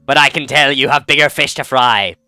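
A man's voice: mid-range voice, fairly quick, bright, forceful tone, dry recording, soft background music. A man putting on the voice of a boastful male pirate ship captain, drawling with an exaggerated "arr". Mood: boisterous.

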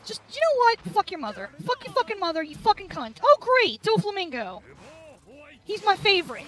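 A woman's voice: very high voice, sing-song, fairly quick. A woman gamer doing let's play commentary, furious and swearing constantly at the game.

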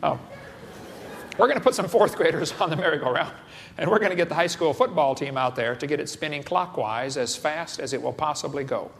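A man's voice: fairly high pitch, a little fast, vocal fry, a bit bright. A man giving a joking lecture to a live audience, wisecracking and tossing quiz questions at the crowd. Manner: wisecracking, quizzes the crowd with asides. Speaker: creationist speaker. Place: large hall with an audience. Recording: long hall reverb, faint hiss.

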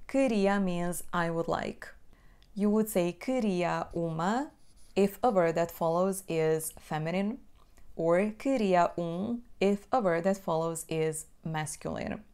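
A woman with a Portuguese accent teaching a language lesson. She explains plainly and repeats phrases slowly to demonstrate them. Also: fairly low pitch, a little mellow, clear, resonant tone.

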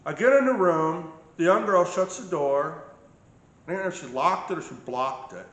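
Emphatic high-voiced man in an echoey room. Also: moderate pace, fairly bright tone. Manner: emphatic, keeps checking in with "okay?". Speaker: patient recounting his medical ordeal. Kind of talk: casual personal account.

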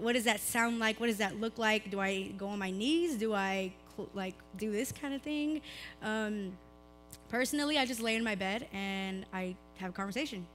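A young woman, preaching a casual youth sermon in a slightly hoarse voice, chatty and full of "like" fillers. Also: mid-range voice, fairly bright tone. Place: church service, recorded live.

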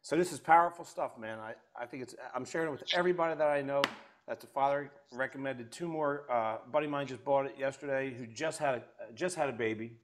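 Guy hosting a podcast, excited and chatty, trips over his words, mid pitch. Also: fast. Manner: enthusiastic, talks in restarts. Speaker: podcast host. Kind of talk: casual interview chat.

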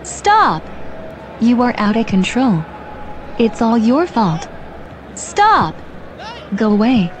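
A woman's voice: a little high, measured pace, dark tone, slight background noise, close to an everyday voice. A woman voicing a furious young girl who shrieks commands.

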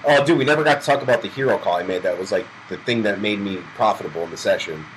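Lower-voiced young man talking poker hands. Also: noisy background. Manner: quick asides about hands, storytelling. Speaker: poker streamer co-host. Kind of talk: casual live-stream chat.

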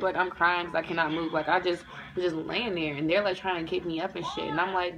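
A young woman in a neck brace telling a story in an animated, profane, casual way and acting out everyone's voices. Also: lowish voice, fast talker, few pauses, poor audio. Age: young adult. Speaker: vlogger.

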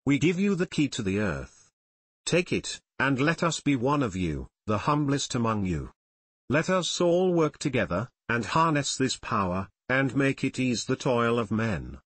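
Man reading an earnest young outcast inventor, pleading, husky, mid pitch, dry, audiobook. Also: very animated, a little slow, a bit bright, no echo, full character voice.

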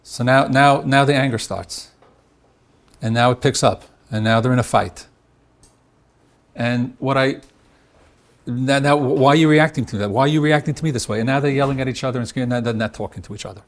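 Middle-aged man giving a marriage workshop. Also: mid-range voice. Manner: asks the audience rhetorical questions and pauses on them; acts out both spouses in his examples. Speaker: marriage therapist leading a workshop. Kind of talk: workshop lecture.

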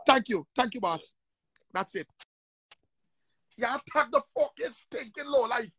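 A man on a heated livestream rant, angry, profane and repetitive, often shouting. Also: extremely high pitch, animated, measured pace, breathy edge.

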